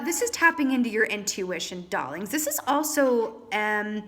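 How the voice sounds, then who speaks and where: A woman's voice: medium pitch, lively intonation, moderate pace, few pauses, fairly bright tone. A woman reading tarot cards to camera in a chatty, theatrical way, calling viewers honey and darlings. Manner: theatrical, trained stage performer. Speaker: tarot reader.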